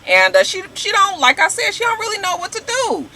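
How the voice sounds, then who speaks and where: A woman vlogger recapping a reality show episode in a casual, animated, slangy way, talking straight to her viewers. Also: very high-pitched, a little fast, poor audio. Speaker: YouTube show reviewer.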